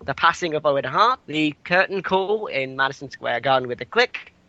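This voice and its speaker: A man's voice: fairly high pitch, expressive, normal speed, pushed and bright, highs cut off. A man co-hosting a casual podcast, reading out news items with stumbles, fillers and asides.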